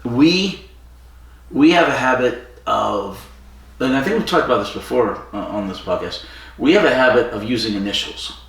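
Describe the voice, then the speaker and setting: A man's voice: medium pitch, expressive, normal speed, a bit bright. A man co-hosting a podcast, casually retelling a story with fillers and quoted lines. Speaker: podcast co-host. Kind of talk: casual chat. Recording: echoey room from far off.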